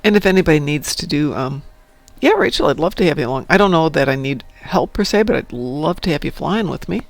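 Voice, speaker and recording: A man's voice: a little high, lively intonation, a little fast, gravelly, dry recording. A man streaming an online space game, chatting casually with viewers and making playful sound effects as he plays. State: hiccuping and burping. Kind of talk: casual live-stream chat.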